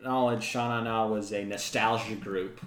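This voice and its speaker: A man's voice: fairly low pitch, steady tone, normal speed, fairly bright tone, echoey room, a little hiss or hum. A young man co-hosting a casual podcast chat, thinking aloud with lots of fillers. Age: young adult. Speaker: podcast co-host.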